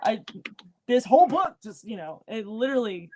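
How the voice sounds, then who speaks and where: A woman's voice: a little high, big pitch swings, moderate pace, a crowd in the background. A woman with a light North Carolina accent hosting a book club chat, laughing often and talking animatedly. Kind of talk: casual video call chat.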